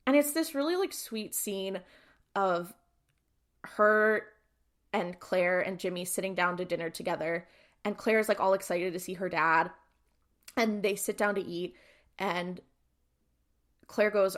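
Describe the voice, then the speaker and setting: A woman's voice: medium pitch, normal speed, pauses often. Woman co-host casually recapping a TV episode. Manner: retells scenes acting out each character's lines, with constant "like". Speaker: podcast co-host.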